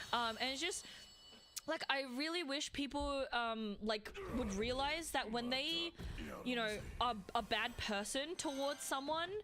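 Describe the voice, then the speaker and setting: Young female streamer, slightly high voice, blunt and foul-mouthed, loose rambling chat with viewers. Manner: blunt, swears freely, rambling with many fillers.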